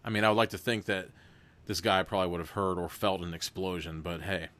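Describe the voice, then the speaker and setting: A man's voice: low voice, fairly even intonation, brisk, fairly bright tone. A man hosting a live stream, reading an interactive adventure book aloud with rambling, self-deprecating asides. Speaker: game host reading a gamebook.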